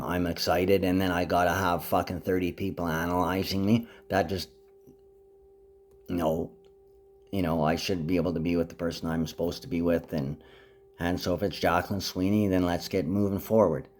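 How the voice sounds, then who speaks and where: Low-voiced man, rambling vlog monologue. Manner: rambling, jumps between topics, sudden pitch leaps; speaks to his mother directly, affectionate.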